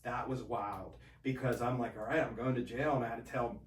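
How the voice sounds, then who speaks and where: A man as a podcast guest, telling his own story in a casual, animated way and acting out the voices of the people in it. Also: medium pitch, fairly quick, echoey room, distant mic. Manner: animated, acts out quoted voices.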